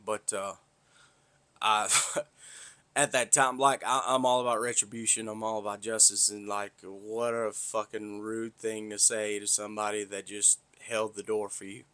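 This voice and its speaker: A man's voice: lowish voice, level tone, measured pace, sharp tone. A man from north Florida with a Southern accent, hosting a podcast in a rambling, profane, blunt monologue. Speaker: podcast host. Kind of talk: casual monologue.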